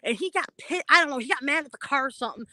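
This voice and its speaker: A woman's voice: high voice, expressive, rapid-fire, pushed and bright, no echo. A woman guest in a casual conversation, telling stories in a chatty way, laughing often and using lots of fillers.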